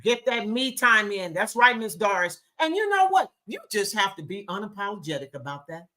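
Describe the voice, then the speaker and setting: A woman's voice: mid-range voice, big pitch swings, pushed and bright. A woman hosting a live talk show, affectionate and emphatic, calling her listeners baby and honey as she reads chat comments. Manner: emphatic, drawn-out delivery. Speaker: host.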